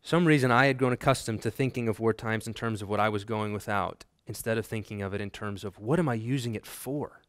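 A man's voice: fairly low pitch, fairly even intonation, fast, few pauses, fairly bright tone, clear, resonant tone, dry recording, clean studio sound. A man from Texas teaching a seminary class. He tells personal stories in a conversational way, with frequent ums and restarts, and builds to emphatic lists. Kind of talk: classroom lecture with personal anecdotes.

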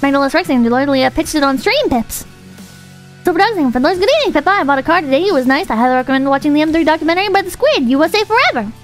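A woman with a very high voice reads viewer messages on a live stream in a joking, casual way. Her pitch jumps around a lot, and she swears freely. Soft music runs in the background. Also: expressive, very fast. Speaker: virtual streamer.

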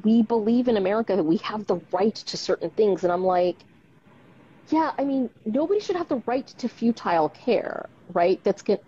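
A woman's voice: medium pitch, mellow, slightly rough. A woman doctor talking frankly and animatedly on a live stream, often ending with tag questions. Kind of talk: casual conversation on a live stream. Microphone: video call. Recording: dull lo-fi live stream audio.

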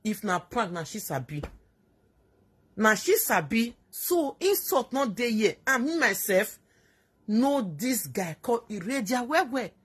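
On a casual live stream, a woman with a fairly high, slightly rough voice and big swings in pitch scolds her audience in Nigerian Pidgin English. This social media commentator keeps a measured pace, hammering points home through repetition and bursts of laughter.

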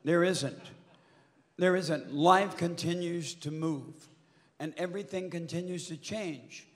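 An older man with a slightly high voice spins an animated story for a convention crowd, swearing and shouting at the peaks. His voice rings out with a long hall reverb from a handheld stage mic. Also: slow. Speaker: convention panel guest.

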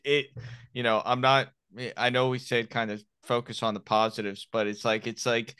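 A man's voice: mid-range voice, flat delivery, moderate pace, bright, forceful tone, clean tone, no room sound, studio quality. A man in his thirties from Miami, a former Marine hosting a podcast, talking frankly and rambling with many restarts. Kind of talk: casual podcast chat.

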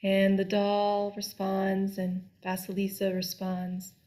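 A woman telling a folk tale aloud in a slow, deliberate, expressive way. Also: medium pitch. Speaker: storyteller. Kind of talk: storytelling.

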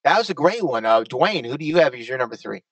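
A man hosting a casual panel chat, talkative and quick to laugh. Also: mid-range voice, very animated, a bit bright, no room sound, far from the mic, low-quality recording. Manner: chatty, laughs often. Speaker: host.

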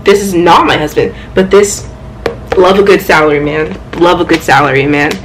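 A young woman chatting casually at home about her manga haul, excitable and playful, with loud exclamations and quick asides. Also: lowish voice, background noise. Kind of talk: casual chat.

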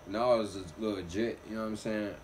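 A young man hosting a reaction video, telling a long story in loose, slangy, animated casual chat. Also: on the low side, fast, slight background noise.

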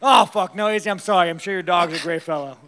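A man's voice: high-pitched, quick pace, bright, forceful tone, clear, resonant tone. A man answering press questions after a fight, blunt and rambling, swearing heavily and tired.

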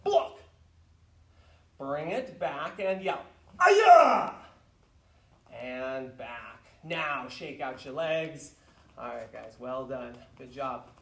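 A man leading an online martial arts class, explaining stances and shouting counts and drill commands. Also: mid-range voice, slow pace, vocal fry. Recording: roomy echo, mic far off.

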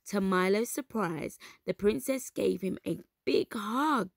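A woman reading a storybook aloud to children, gentle and expressive. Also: mid-range voice, slow, vocal fry, few pauses, no room sound, studio quality.

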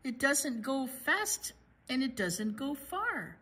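A woman reading the lines of a gentle, doubtful father in a picture book, in a bright, lively voice. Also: very high-pitched, slow pace, slightly rough, voice pushed up, full character voice. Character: worried kindly father of the family.

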